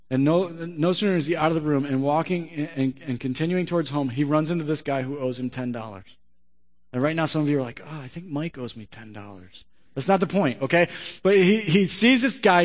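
A male pastor preaching a sermon in a conversational way, often asking the audience questions. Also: on the high side. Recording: long reverb of a large hall.

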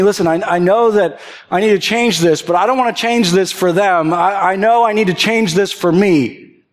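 A young adult male pastor delivering a sermon in a fairly high-pitched voice. He speaks earnestly, stumbling over repeated words and restarts, then climbs into fervent, impassioned emphasis.

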